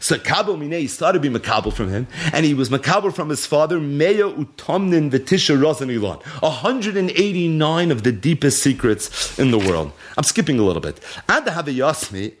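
Man, Torah class storytelling, slightly high voice, very lively pitch, reads aloud then translates line by line. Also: moderate pace. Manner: asks rhetorical questions of listeners. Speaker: Torah teacher.

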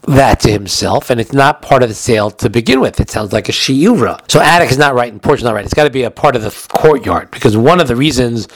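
A man's voice: mid-range voice, no echo. A man giving a recorded halacha lesson in a chatty way, explaining with everyday examples, and he has the hiccups. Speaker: Torah teacher.

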